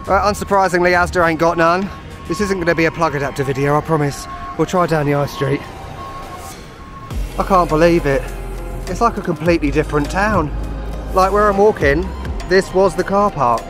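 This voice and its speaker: A man with a West London accent walking and talking to camera in a travel vlog, full of dry sarcastic humor. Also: on the high side. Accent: West London (Hounslow). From Hounslow, London. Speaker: travel vlogger. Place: outdoors on windy town streets.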